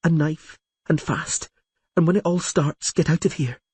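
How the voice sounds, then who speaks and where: A man voicing a frightened but determined young girl, urging in hushed tones. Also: deep voice, steady tone, unhurried, husky, no room sound, voice pushed up, heavily acted. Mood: urgent. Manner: urgent, whispered pleas.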